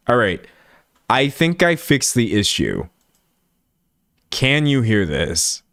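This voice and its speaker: A young American man in his twenties talking loosely to his livestream audience, rambling from one thought to the next and laughing as he goes. His voice sits a little low, and the recording is dry and close at a desk mic. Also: very animated, slow pace, pauses often, fairly bright tone, no echo. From United States. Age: 20s. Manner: chatty and rambling, laughs often. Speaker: livestream host. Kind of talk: casual livestream chat with viewers.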